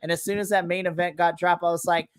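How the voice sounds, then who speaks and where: A woman co-hosting a live podcast, recapping wrestling in a dramatic, animated storytelling way over a remote call mic. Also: fairly low pitch, fast, clear, resonant tone, no echo, studio quality. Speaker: podcast co-host. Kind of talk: casual wrestling recap chat. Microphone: remote live-stream call mic.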